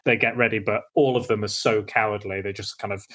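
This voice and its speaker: A man's voice: on the low side, steady tone, fairly quick, fairly bright tone. A man hosting a casual podcast, recapping a film plot with stammered starts. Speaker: podcast host.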